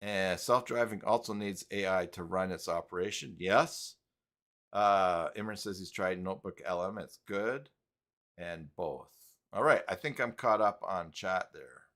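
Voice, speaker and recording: Slow-talking low-voiced male streamer. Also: fairly bright tone. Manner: rambling, reads chat aloud. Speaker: live stream host. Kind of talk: casual live stream chat.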